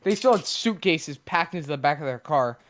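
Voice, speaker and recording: A man's voice: on the high side, expressive, fairly quick, fairly bright tone, slight background noise. A young man joining a casual podcast chat as a guest, trading teasing jokes with the hosts. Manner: jokey, teasing.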